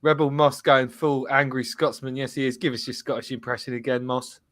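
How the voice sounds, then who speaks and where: A man's voice: medium pitch, flat delivery, a little fast, a bit bright, no room sound, studio quality. Chatty man hosting a stream. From England. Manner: chatty, laughs often, reads out comments. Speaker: host. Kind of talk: casual live-stream chat.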